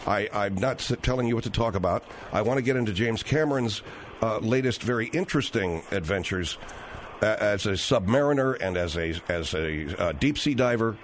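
A man's voice: fairly low pitch, expressive, fairly quick, a little hiss or hum. A man hosting a call-in radio show, defending himself and trying to keep a prickly guest on track. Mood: placating. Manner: defensive, trying to placate and steer back on track. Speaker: radio talk show host.

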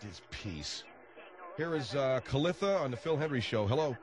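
A man's voice: medium pitch, normal speed. A man hosting a comedy talk radio show from the studio, speaking wryly and with an exasperated edge. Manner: lively, wry and exasperated.

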